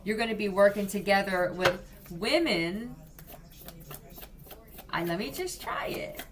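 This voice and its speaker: A woman's voice: medium pitch, animated, a little slow, noisy background. A woman giving a blunt, profane psychic reading, talking straight to the viewer in a casual way. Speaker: psychic reader.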